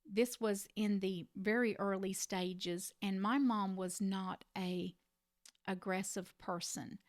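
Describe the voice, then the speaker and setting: A middle-aged woman who cared for a parent, telling a personal story to the camera in an earnest, reflective way with gentle emphasis. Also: medium pitch, fairly even intonation, slow pace, no echo, clean studio sound. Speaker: family caregiver sharing advice.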